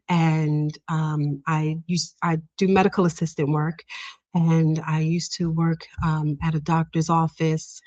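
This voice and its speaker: A woman guest sharing a personal story in conversation, earnest and emotional, laughing often between many fillers. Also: low-pitched. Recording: dull lo-fi audio.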